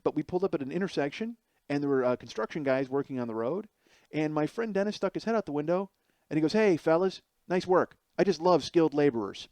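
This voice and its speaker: With a slightly high, somewhat mellow voice, a man in his forties hosts a podcast and spins a rambling comic story at his own expense. He acts out the voices of people in his anecdotes.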